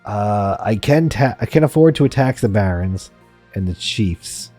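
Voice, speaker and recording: A man streaming a strategy game, reading its text aloud and reacting in an excitable, jokey way. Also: on the low side, unhurried, faint music behind. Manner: excitable, jokey, laughing often.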